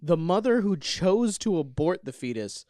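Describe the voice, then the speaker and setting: A man's voice: sits high, very animated, normal speed, a little mellow, no echo, studio quality. A young man co-hosting a casual comedy podcast, joking around, laughing often and slipping into silly voices. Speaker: podcast co-host.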